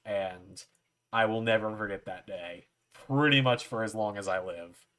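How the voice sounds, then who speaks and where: A man's voice: fairly low pitch, unhurried, fairly bright tone. A man hosting a livestream, telling a long story to his chat in a casual way, with frequent fillers and "I'm like" asides. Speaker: livestream host.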